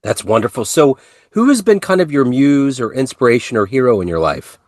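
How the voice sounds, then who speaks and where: A man hosting an interview who asks the guest measured, curious questions. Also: mid-range voice, big pitch swings, no echo, clean studio sound. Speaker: host.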